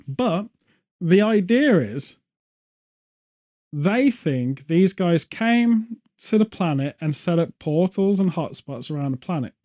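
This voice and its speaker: A man in casual chat as a podcast co-host, ranting sarcastically and telling animated stories. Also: high voice, slow pace, lo-fi sound.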